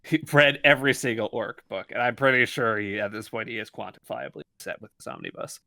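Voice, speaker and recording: A man co-hosting a casual book club podcast, talking in halting, stammering bursts and laughing along. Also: medium pitch, steady tone, vocal fry, sharp tone, no room sound, studio quality. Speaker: podcast co-host.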